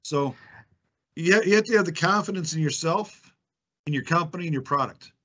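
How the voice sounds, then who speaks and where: A man's voice: a little high, a little fast, bright, forceful tone, highs cut off. A man telling sales stories in a confident, emphatic way and acting out the dialogue, as a podcast guest. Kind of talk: conversational storytelling.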